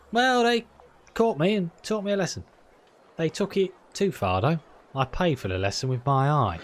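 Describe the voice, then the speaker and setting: A man's voice: mid-range voice, a little hiss or hum, lightly acted. A man voicing a shady, greedy one-eyed male merchant in a put-on Cockney accent with swaggering sales patter.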